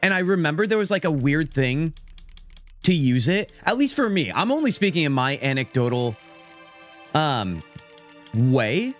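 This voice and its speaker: A man's voice: a little high, very animated, normal speed, long pauses, faint music behind. An American man streaming a game, rambling casually and reading menu options aloud as he plays. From United States. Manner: rambling, chatty, reads menus aloud. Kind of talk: casual gameplay commentary.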